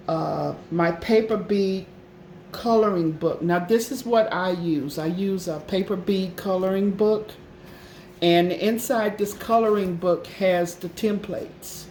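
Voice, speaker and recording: A woman's voice: fairly low pitch, darkish tone, echoey room, slight background noise. A woman hosting a casual craft tutorial, talking in a chatty, repetitive way and often checking in with "okay?". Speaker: craft channel host.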